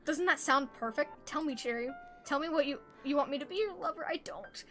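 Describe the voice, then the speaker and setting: A woman voicing a shy, obsessive young woman confessing her love in a hushed, intense way while reading game dialogue aloud. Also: high-pitched, brisk, soft background music.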